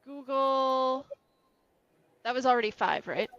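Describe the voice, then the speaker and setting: A woman's voice: sits high, slow pace, fairly bright tone, lo-fi sound. A woman from Canada, a podcast guest playing a guessing game in casual chat, giggly and self-deprecating.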